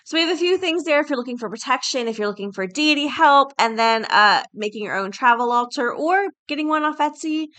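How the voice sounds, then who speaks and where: A podcast host speaks in a high, bright, forceful voice, animated and a little fast with few pauses. She chats casually and reads aloud, dropping fillers like "uh" and "um."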